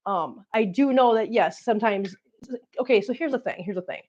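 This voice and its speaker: Overheated and out of breath, a woman behind a cat channel chats spontaneously on a live vlog as she cleans up after her cats, speaking to them in baby talk. Her mid-range voice is expressive and a little mellow at normal speed, on a muffled recording.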